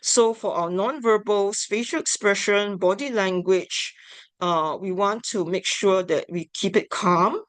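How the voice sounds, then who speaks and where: A woman giving an instructional talk on family therapy, measured and deliberate. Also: medium pitch, dry recording. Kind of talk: instructional lecture.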